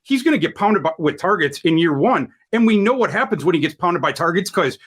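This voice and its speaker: A man's voice: sits high, very animated, fairly quick, a bit bright, breathy edge. A man working as a fantasy football analyst who talks emphatically on a draft panel, rambling with many restarts.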